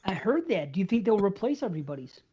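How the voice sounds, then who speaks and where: A woman of middle pitch leads a casual horror movie podcast conversation. Her voice comes through slightly dull and muffled. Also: sing-song, fast, mellow, breathy edge. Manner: introduces the show, plain conversational. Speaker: podcast host. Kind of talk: casual chat.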